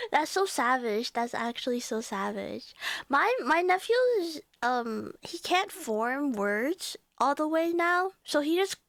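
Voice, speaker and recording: High-voiced chatty woman streamer. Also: big pitch swings, slow, gravelly, a bit bright, no echo, clean studio sound. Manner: chatty, laughs often, greets chat by name. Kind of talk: casual chat with live viewers.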